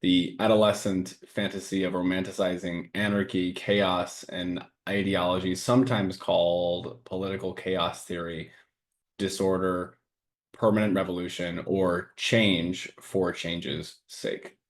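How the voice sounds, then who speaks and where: A man co-hosting a casual podcast, talking earnestly and reading a list of sayings aloud in a steady way. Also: sits low, unhurried. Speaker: podcast co-host and coaching business owner.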